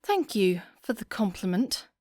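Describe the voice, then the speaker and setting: A woman reading a proud, spirited young noblewoman with a poised, sharp manner, in an audiobook. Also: mid-range voice, big pitch swings, unhurried, no room sound, studio quality. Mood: cold.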